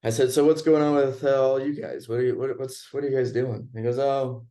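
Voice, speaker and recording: Laid-back man telling a story, mellow voice. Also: mid-range voice, fairly even intonation, brisk. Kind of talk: casual storytelling chat.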